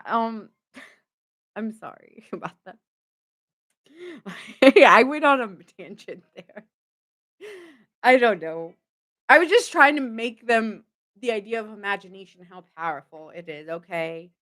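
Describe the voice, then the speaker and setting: A woman's voice: mid-range voice, animated, unhurried, pauses often, sharp tone. A woman hosting a live tarot reading, chatty and playful, often laughing and greeting viewers by name.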